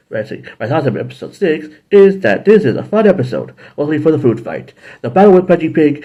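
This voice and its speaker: A man hosting a casual episode review, rambling and correcting himself, now and then jumping into high acted voices. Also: mellow, lo-fi sound. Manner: rambling, self-correcting, jumps into high-pitched character voices. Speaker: show host reviewing episodes.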